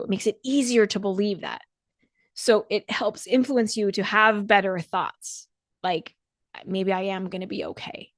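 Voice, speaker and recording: A woman's voice: mid-range voice, dry recording, studio quality. A woman hosting a solo podcast, coaching listeners in an encouraging, conversational way with repeated words. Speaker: podcast host and dance coach.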